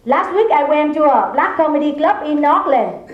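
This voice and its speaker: A woman from Vietnam with a Vietnamese accent, doing stand-up and landing punchlines slowly and deliberately. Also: high-pitched, lively intonation. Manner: slow, deliberate delivery of punchlines. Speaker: stand-up comedian. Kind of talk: stand-up comedy. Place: comedy club stage. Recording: echoey lo-fi club recording.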